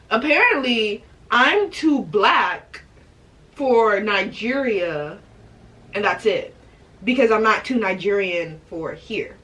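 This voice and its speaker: A woman's voice: mid-range voice, fairly bright tone, far from the mic. A young adult woman vlogger in a casual, emphatic rant to camera who repeats her points for effect.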